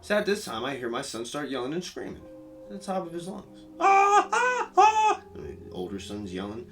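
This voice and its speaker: A man's voice: mid-range voice, big pitch swings, a little fast. A man telling a crude, rambling comedic story with lots of profanity, recorded from a distance with music behind.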